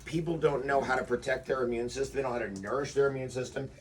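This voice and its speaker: A man's voice: medium pitch, steady tone, quick pace, recorded from a distance, a little hiss or hum. A man leading an outdoor workshop, talking animatedly and acting out quotes with rhetorical questions. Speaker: workshop leader. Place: outdoors before a forest walk.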